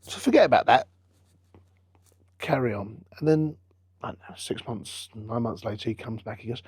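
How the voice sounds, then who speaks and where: Husky man telling anecdotes. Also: medium pitch, normal speed, pauses often, darkish tone, no room sound. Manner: chatty anecdotal storyteller, acts out quoted dialogue. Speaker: business founder and football club owner, guest. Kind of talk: storytelling interview answers.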